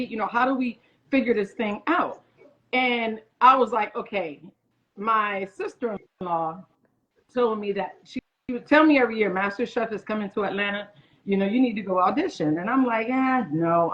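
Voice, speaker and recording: A woman in her forties, a guest chef, telling a story in a casual interview and acting out other people's lines in quoted voices. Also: mid-range voice. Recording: muffled lo-fi audio.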